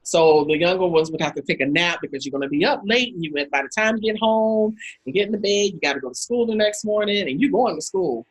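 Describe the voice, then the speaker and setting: A woman hosting a talk over a video call, telling lively anecdotes and acting out the people in them. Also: fairly low pitch, quick pace, hardly any pauses, slightly rough, rough recording. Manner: animated anecdotes, acts out quotes with laughs. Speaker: host. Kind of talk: casual storytelling talk.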